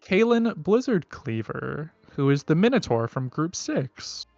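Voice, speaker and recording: Slow, halting male game master. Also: on the high side, big pitch swings, creaky, a little mellow, dry recording, muffled recording, soft background music. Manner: halting, full of "um" and "like". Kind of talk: narrating a tabletop game.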